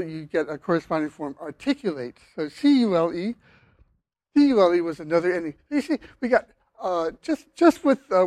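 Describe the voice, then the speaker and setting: An older man giving a university linguistics lecture, speaking haltingly with many fillers and restarts. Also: high-pitched, darkish tone, no room sound. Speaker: linguistics professor.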